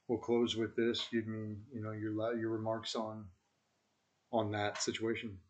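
Halting, reflective man with a low voice. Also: monotone. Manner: reflective, halting, with many fillers. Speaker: podcast host, former Marine squad leader. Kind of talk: conversational interview.

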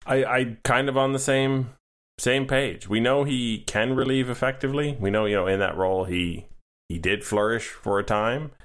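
A man's voice: mid-range voice, fairly even intonation, normal speed. A man co-hosting a podcast in casual sports chat, wry and joking, with rambling asides. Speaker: podcast co-host.

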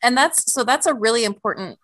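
A woman's voice: fairly high pitch, lively intonation, fairly quick, fairly bright tone, no echo. Woman co-host, curious and agreeable, casual chat recorded dry. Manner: inquisitive, agreeable, light laughter.

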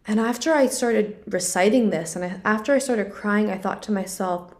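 A woman's voice: medium pitch, moderate pace, hardly any pauses, a little mellow. A young woman hosting her own podcast, talking through a personal story in an earnest, confessional way, with lots of "like" fillers. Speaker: podcast host. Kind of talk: personal reflective monologue.

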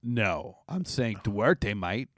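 A man's voice: lowish voice, very animated, no room sound. Wry man in a dry close sound. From Canada. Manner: joking, wry, quick asides. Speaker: podcast co-host. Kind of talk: casual chat.

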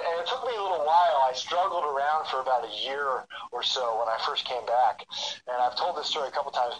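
A man's voice: mid-range voice, slight background noise, poor audio. A middle-aged man, a wrestler being interviewed, telling his story candidly with lots of restarts and fillers. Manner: animated, full of restarts and fillers, acts out quoted voices. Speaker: guest, professional wrestler.

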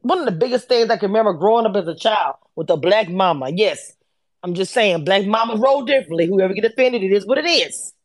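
A woman hosting a casual live audio chat about reality TV, animated and sassy. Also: fast talker. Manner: animated, sassy, acts out quotes with swings in pitch. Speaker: host of a reality TV discussion space.

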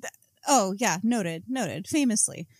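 Woman co-host, wry book-club banter, mid pitch, dry close recording. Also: animated, a little slow, a little mellow, dry recording. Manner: wry, quotes the book with mock outrage. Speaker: podcast co-host. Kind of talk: casual book-club chat.

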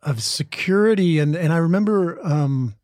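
A man's voice: a little high, lively intonation, moderate pace, darkish tone, dry recording, studio quality. A man in his forties from the American Midwest, an actor being interviewed, talking thoughtfully with restarts and asides. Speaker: actor guest. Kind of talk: interview conversation.

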